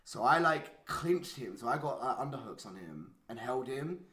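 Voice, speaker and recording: A man's voice: medium pitch, big pitch swings, moderate pace, pushed and bright. A young man, casually telling a profane story and peppering it with "like". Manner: swearing storyteller, heavy use of "like". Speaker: podcast co-host. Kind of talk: casual chat. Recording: echoey room.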